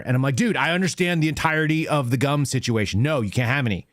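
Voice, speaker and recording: A man in his thirties hosting a call-in show, telling family stories with laughter and sudden excited jumps in pitch. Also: fast talker, hardly any pauses, no room sound, clean studio sound. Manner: animated storyteller, laughs a lot, pitch jumps when excited. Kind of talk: casual call-in chat.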